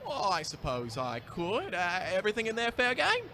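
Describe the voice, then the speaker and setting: A man voicing an orphaned male groundskeeper in a high, put-on accent, apologetic and eager. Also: huge pitch swings, moderate pace, pushed and bright, a little hiss or hum, full character voice. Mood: nervous.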